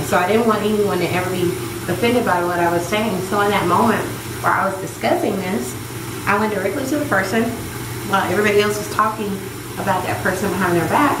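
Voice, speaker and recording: Candid and emphatic, a woman in her thirties shares a personal story on her vlog, performing the voices of people she quotes. She speaks in a mid-range voice a little fast, and the echoey room carries clear background noise.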